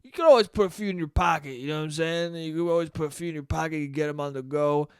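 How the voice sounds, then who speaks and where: A man's voice: fairly high pitch, quick pace, clean tone, no echo, clean studio sound, lightly acted. A man doing a rambling, muddled old politician. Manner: rambling, repeats himself, trails off.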